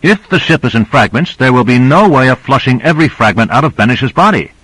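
A man's voice: medium pitch, expressive, brisk, fairly bright tone, husky, no echo, pitched above the performer's own voice, poor audio. A man reading the part of a stern, argumentative male scientist in an audiobook. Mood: insistent. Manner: pressing, argumentative.

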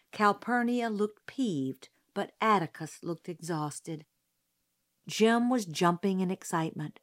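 A woman narrating an audiobook in a slow, deliberate way. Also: on the low side.

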